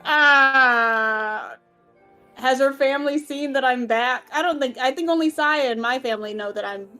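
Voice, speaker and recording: 声音偏高的女桌游玩家. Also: female voice, high voice, measured pace, pushed and bright, soft background music. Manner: hesitant, thinking aloud. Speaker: player. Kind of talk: tabletop game play.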